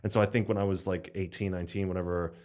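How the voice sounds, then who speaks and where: A man's voice: low voice, steady tone, racing, a little mellow. A young man from Slovenia, a stand-up comedian, chatting as a podcast guest in a rambling, jokey, sweary way. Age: 20s. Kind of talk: casual podcast interview.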